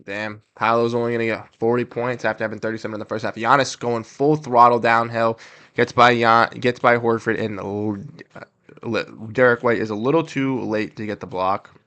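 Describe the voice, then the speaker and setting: A young man hosting a casual livestream watch-along, reacting to plays and talking with his chat in quick, excitable bursts. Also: mid-range voice. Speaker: livestream host. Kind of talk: casual live game commentary.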